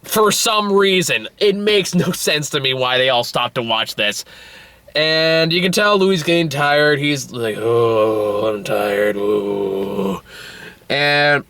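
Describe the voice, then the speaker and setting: A man ranting through a casual movie review, exasperated and profane, often jumping into high, incredulous outbursts. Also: lively intonation, a little slow, pushed and bright, clean tone.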